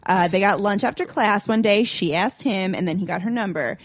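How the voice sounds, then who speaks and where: A woman's voice: mid-range voice, normal speed, no room sound. A woman co-hosting a casual podcast, reading a listener's dating question aloud in an easygoing way. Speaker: podcast co-host.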